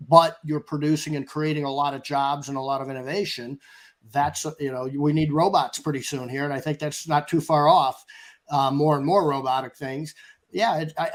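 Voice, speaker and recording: Guy running a business live stream, bit high voice, rambles a lot and laughs. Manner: rambling, laughs often, many fillers. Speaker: business owner and show host. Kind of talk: casual live-stream chat.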